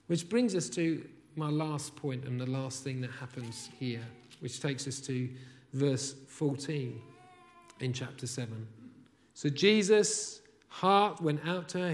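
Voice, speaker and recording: A man preaching a sermon, emphatic, rising to loud repeated phrases and then dropping soft. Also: fairly high pitch. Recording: long hall reverb.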